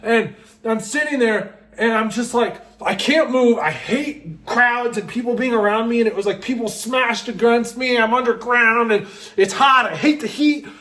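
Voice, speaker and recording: A young man telling a wild personal story in a casual, excitable way, with lots of "like" and "just". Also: very high voice, normal speed.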